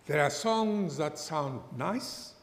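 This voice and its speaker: A man preaching a sermon, telling a story slowly and deliberately and acting out its characters. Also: fairly high pitch, lively intonation. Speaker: pastor. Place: church hall. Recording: echoey church hall with long reverb.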